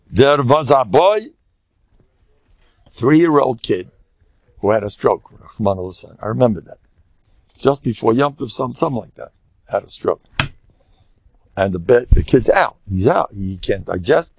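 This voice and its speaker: A man's voice: medium pitch, creaky. An older man with an American accent, a rabbi giving a humorous lecture full of stories and Yiddish and Hebrew words, with a boastful, joking manner. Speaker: rabbi and spiritual mentor.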